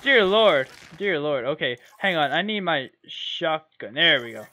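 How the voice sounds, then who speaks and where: A man giving excitable live commentary over his own gameplay into a computer microphone, swearing, yelling at opponents and stumbling over his words. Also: a little high, a little slow, a little hiss or hum. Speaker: gamer.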